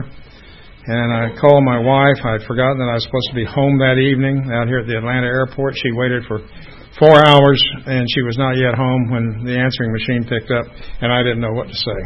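A middle-aged man recounts his own story to an audience. He speaks haltingly and earnestly, with pauses and restarts, in a mid-range voice. The audio is a little dull, with faint noise underneath. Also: medium pitch. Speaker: former airline captain telling his story. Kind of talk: personal testimony talk.

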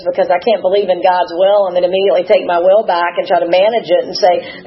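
Emotional woman sharing her story, muffled. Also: fairly low pitch. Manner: emotional, rambling, acts out quoted dialogue. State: teary. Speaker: recovery meeting speaker. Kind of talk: personal testimony.

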